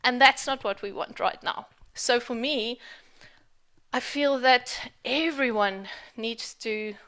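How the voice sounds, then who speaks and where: A woman's voice: fairly high pitch, takes it slowly, bright, forceful tone. A woman talking on her spiritual vlog in a candid rant, frank and emphatic and swearing freely. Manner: emphatic, repeats for stress. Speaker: spiritual vlogger.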